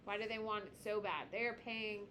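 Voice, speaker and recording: A woman lectures a high school class in a classroom, blunt and joking as she calls on students by name. Her voice is bright and forward. A faint hum of noise sits behind her. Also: fairly quick. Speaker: high school history teacher.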